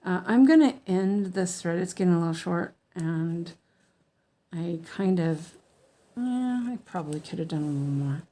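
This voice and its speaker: A woman's voice: on the low side, animated, normal speed, warm tone. A woman chatting casually while she cross-stitches on a livestream, rambling with fillers and restarts and a slight lisp. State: slightly lispy from medicine.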